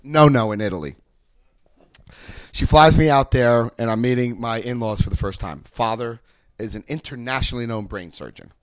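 A man giving personal testimony and leading a recovery step study, telling stories with animated emphasis and repeated phrases. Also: medium pitch, normal speed, no room sound. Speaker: recovery group speaker.

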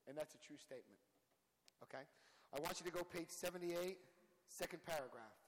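Man, candid recovery-meeting speaker; higher than usual voice, long hall echo. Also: moderate pace, long pauses, background noise. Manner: candid, storytelling, reads aloud and asks listeners to circle words. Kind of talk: testimony and text study.

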